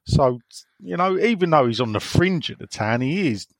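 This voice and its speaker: With a fairly high, animated voice at a moderate pace, this man hosts a casual football podcast, reading out listener messages. He drifts into opinionated asides, pitch swinging freely, and the close, dry sound has no room around it.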